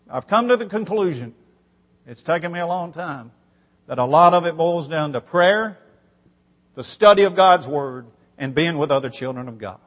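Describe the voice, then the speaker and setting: In a reverberant hall, a man delivers a sermon, stressing his points and reading scripture, his voice climbing on each repeated phrase. He's fairly high-pitched and expressive, at a moderate pace.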